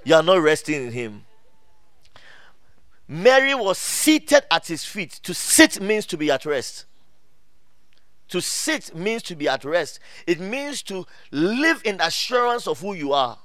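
A middle-aged man preaching a sermon in a high voice, recorded dry with little room sound. He calls out to the congregation, laughs often and repeats himself as he builds his points. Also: a little slow, no room sound. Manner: animated preaching with call-outs to the congregation; laughs often, many restarts and fillers. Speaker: pastor.

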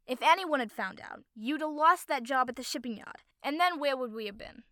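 A woman voicing a furious man of about thirty, scolding loudly. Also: extremely high pitch, expressive, a little fast, no room sound, clean studio sound, voice pushed up, heavily acted.

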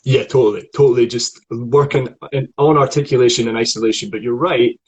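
Scottish male voice coach, husky, conversational teaching tone, lots of restarts. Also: medium pitch, steady tone, brisk, darkish tone, low-quality recording. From Scotland. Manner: chatty, explanatory, frequent restarts. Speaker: acting voice coach. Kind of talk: online acting lesson conversation.

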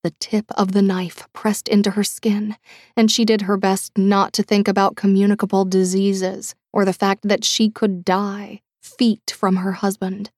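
A woman reading an audiobook in a measured, dramatic way, dropping to a hush at tense moments. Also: medium pitch, little pitch movement, dry recording, studio quality. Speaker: audiobook narrator. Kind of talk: scripted audiobook narration.

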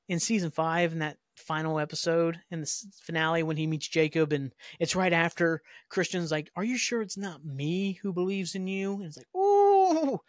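Chatty man with a higher voice. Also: a bit bright, no echo, studio quality. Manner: loose, filler-heavy, with occasional cursing. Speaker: podcast host. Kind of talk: casual rambling episode recap.

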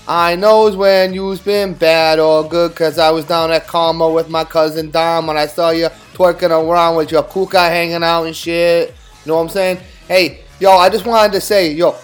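A man's voice: on the high side, clean tone, close to an everyday voice. A man doing a brash guido Santa Claus. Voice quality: loud, brash, swaggering. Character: brash Italian-American guido Santa Claus, crude and cocky.

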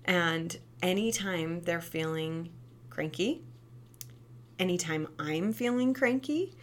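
A woman's voice: fairly low pitch, moderate pace. A young woman talking earnestly about parenting as a mother, chatty and tagging her points with "right?". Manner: earnest, chatty, frequent "right?" tag questions. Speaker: mother sharing parenting advice. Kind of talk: casual monologue.

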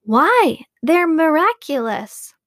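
A woman doing squeaky chattering little monkeys. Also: expressive, slow pace, no echo, clean studio sound. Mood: amazed. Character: six eager little monkeys, chattering together.

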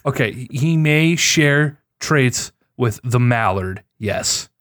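A man in casual gaming chat, telling excitable, profane stories about his catches. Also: medium pitch, slow, no echo, clean studio sound.

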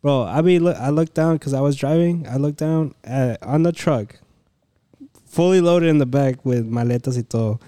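A man chatting casually with friends in a relaxed manner, switching between Spanish and English. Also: medium pitch, normal speed, no echo, clean studio sound. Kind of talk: casual chat among friends.

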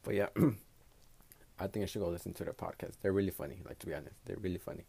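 A man's voice: deep voice, fast talker, gravelly, mellow, slightly rough. A man hosting his own podcast in a casual solo monologue, a native Spanish speaker talking in English, giving blunt, profane, rambling advice. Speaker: podcast host.

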